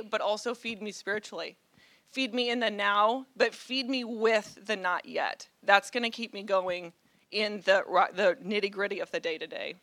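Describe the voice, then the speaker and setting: A woman's voice: on the high side, a bit bright, no echo. A mother giving an earnest, conversational sermon with dry humor. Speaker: guest speaker.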